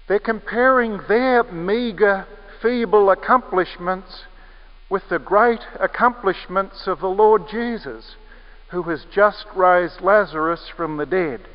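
A man preaching a sermon with measured, emphatic phrasing, leaning on repeated key words. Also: high-pitched. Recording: echoey hall, muffled lo-fi sound.

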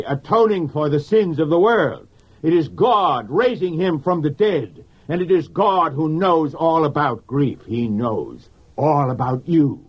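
Husky-voiced preacher on an old recording. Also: male voice, on the high side. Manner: earnest, pastoral, speaks directly to the listener. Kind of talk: radio sermon. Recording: dull lo-fi recording.

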